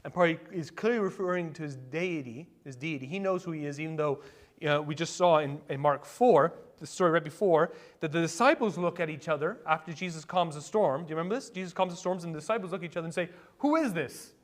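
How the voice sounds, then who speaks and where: A male pastor preaching a sermon in a conversational way, with rhetorical questions and sudden bursts of excitement. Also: on the high side, quick pace. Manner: conversational preaching with asides and fillers.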